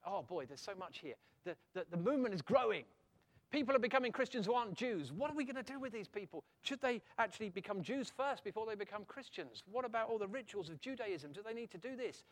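A middle-aged male preacher with a high, bright-sitting voice delivers a sermon. He speaks in an animated way, often turning to his listeners with rhetorical questions and tag questions. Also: quick pace.

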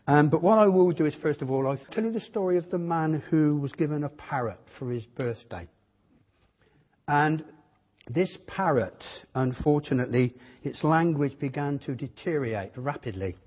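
A man's voice: on the high side, husky. A man, a visiting preacher telling jokes and then preaching a sermon. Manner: humorous storytelling, then earnest preaching. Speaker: guest preacher. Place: church. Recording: dull lo-fi recording in a reverberant church hall.

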